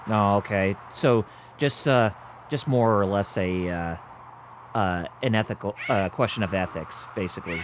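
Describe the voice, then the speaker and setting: Low-voiced male game streamer. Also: normal speed, a little hiss or hum. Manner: explains the story plainly, many fillers. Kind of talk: casual chat while playing a game.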